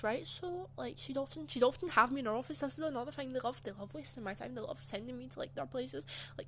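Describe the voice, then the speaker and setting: Higher-voiced indignant young woman. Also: fast, few pauses, fairly bright tone, a little hiss or hum. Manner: chatty and indignant, full of "like" fillers. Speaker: channel host. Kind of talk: casual storytime.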